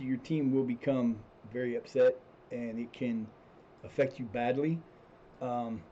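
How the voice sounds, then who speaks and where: A man with a mellow, somewhat dark voice talks his way through a football management game on a live stream, circling back and restarting sentences as he thinks aloud. The audio is slightly dull and lo-fi, with a faint hiss underneath. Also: mid-range voice. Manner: rambling, restarts sentences, swears when frustrated. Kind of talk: casual gameplay commentary.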